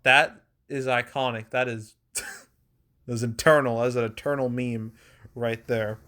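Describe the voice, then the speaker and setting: A man's voice: medium pitch, level tone, a little slow, sharp tone. Rambling, casual man talking movies. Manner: rambling, filler-heavy with frequent "like"; chuckles now and then. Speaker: movie box office commentator. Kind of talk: casual solo commentary.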